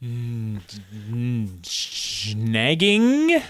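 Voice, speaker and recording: A man's voice: mid-range voice, huge pitch swings, extremely slow, fairly bright tone, a little hiss or hum. A man from Canada hosting a casual trivia board game, reading questions with a playful, joking manner. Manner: playful, joking, laughs often.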